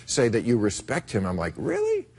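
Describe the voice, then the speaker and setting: A man's voice: on the low side, sing-song, normal speed. A man hosting a casual interview, joking and sarcastic. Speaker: interviewer host.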